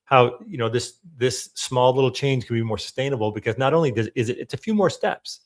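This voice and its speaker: A man's voice: medium pitch, a little fast. A male podcast co-host who affirms and recaps what was said and steers to the next topic, stammering now and then. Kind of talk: casual conversational podcast talk.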